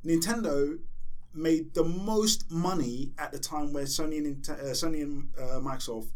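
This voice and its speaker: A man's voice: on the high side, moderate pace. A man in a casual gaming chat who speaks animatedly and swears freely. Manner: animated, swears, acts out mock quotes.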